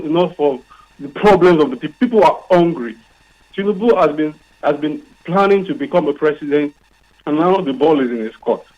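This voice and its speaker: A Nigerian caller speaks earnestly over a muffled phone-in line. His voice sits a little high, and he stacks up rhetorical questions, sometimes restarting a phrase. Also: darkish tone. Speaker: radio caller.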